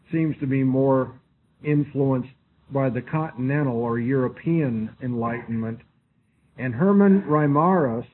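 A man giving a classroom lecture who spells out names and repeats his key phrases. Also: mid-range voice. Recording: tinny lo-fi recording with faint hiss.

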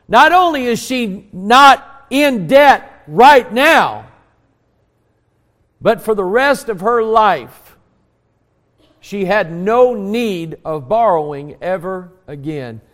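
A pastor delivers a sermon in a church, his voice riding somewhat high as he swells into emphatic declarations. He shifts between fervent preaching and hushed, earnest prayer. A long reverb trails every phrase. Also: animated, takes it slowly. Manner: preaching with rising emphatic bursts, then quiet prayer. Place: church sanctuary.

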